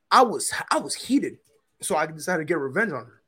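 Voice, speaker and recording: A man's voice: a little high, sing-song, brisk, bright, forceful tone, husky. A man co-hosting a podcast, telling a story in a casual, slangy way and often repeating himself. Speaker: podcast co-host.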